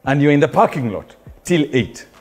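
A man hosting a podcast, quizzing his co-host in lively, laughing casual chat. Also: a little high, moderate pace, faint music behind. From Uganda.

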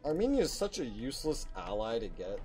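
A man's voice: medium pitch, huge pitch swings, brisk, a little mellow, faint music behind. A man from the United States playing a strategy game in co-op, talking bluntly and offhand. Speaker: co-op gamer. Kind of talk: casual gameplay chat.

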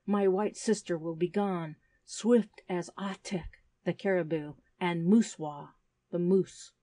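A woman's voice: on the low side, steady tone, takes it slowly, dark tone. A woman voicing an earnest young native boy who speaks in solemn, formal storyteller phrases in an audiobook. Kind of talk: audiobook character reading.

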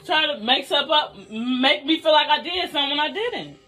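A woman's voice: high voice, animated, a little fast, bright, forceful tone, soft background music, low-quality recording. A woman, defending herself in a casual argument and brushing off her husband's anger. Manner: dismissive, defensive. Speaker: wife pulling a prank.

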